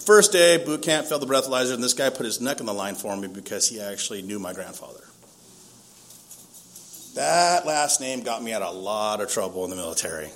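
A man's voice: fairly low pitch, expressive, fairly quick, a bit bright, slight background noise. A man in his fifties from San Diego, telling his own story in a casual, self-mocking way and laughing often. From San Diego, East County. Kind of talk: casual first-person storytelling.

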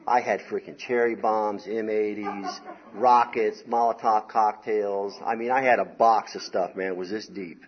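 A middle-aged man from the Southern US telling a wild story from his youth in a casual, rambling, animated way, dropping "man" and "you know" often. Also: lowish voice, measured pace. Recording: slightly dull recording.

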